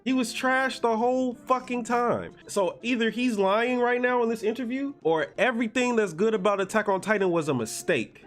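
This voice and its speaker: A young man giving a profane, exasperated commentary rant, swinging from slow mutters to shouting. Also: very high voice. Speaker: anime commentator. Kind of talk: ranting video commentary.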